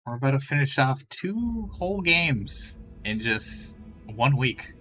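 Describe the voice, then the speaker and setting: Bright-voiced man streaming a game. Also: medium pitch, sing-song, slow pace, faint music behind. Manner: chatty, thinks aloud while playing. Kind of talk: live gameplay commentary.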